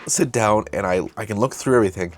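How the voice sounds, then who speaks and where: A man's voice: fairly low pitch, fast talker, faint music behind. A young man hosting his own channel, casually recounting an old project in a rambling, self-correcting way. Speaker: host. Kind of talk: casual retrospective chat.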